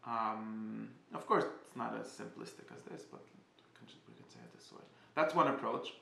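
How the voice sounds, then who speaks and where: Man, casual teacher, gravelly voice, halting with frequent restarts, roomy echo. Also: lowish voice, pushed and bright. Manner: halting, restarts often while searching for words. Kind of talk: casual spoken class.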